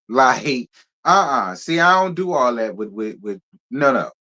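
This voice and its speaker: A man hosts a casual live stream and talks straight to his viewers. He is sassy and animated, with a mid-range voice. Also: medium pitch, measured pace. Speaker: live show host.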